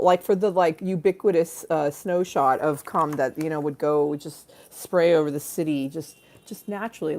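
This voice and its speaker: A young woman hosts a raunchy comedy livestream in a casual, rambling way. Her voice sits a little low. She giggles often and talks with irreverent, loose energy into a webcam mic. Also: darkish tone. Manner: giggly, irreverent, breaks into shrieking laughter. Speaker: livestream host. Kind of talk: bawdy comedic livestream chat.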